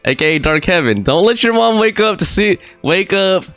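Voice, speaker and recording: With faint music playing behind, a gaming streamer gives casual live commentary, rambling, filling gaps with fillers and laughing a lot. He has a high-pitched, expressive, smooth and slightly bright voice at a moderate pace, recorded with no echo.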